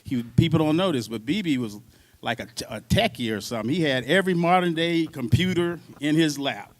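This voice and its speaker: A man on a symposium panel telling lively stories from his years as a drummer, laughing and acting out voices as he goes. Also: on the high side, brisk. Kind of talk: storytelling at a panel talk. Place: university symposium.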